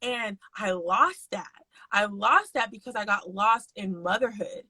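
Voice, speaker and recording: Young woman, mom co-host, blunt and profane, bright forceful voice, dry close sound. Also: medium pitch, measured pace, slightly rough, no room sound, low-quality recording. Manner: frank, profane, animated storytelling. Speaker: podcast co-host. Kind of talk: candid casual chat.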